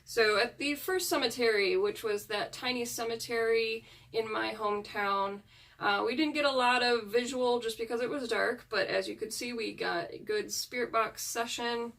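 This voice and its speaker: A woman's voice: on the high side, normal speed, gravelly, a bit bright, recorded from a distance. A woman who hunts ghosts, talking earnestly in a casual chat with her viewers. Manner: chatty and earnest, with frequent fillers. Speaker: paranormal investigator vlogger.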